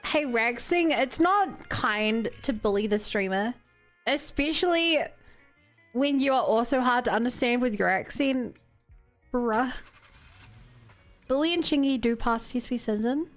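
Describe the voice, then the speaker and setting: A woman's voice: on the high side, animated, a little slow, long pauses. A young woman streaming a game, chatting casually and rambling as she reacts to chat. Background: game music.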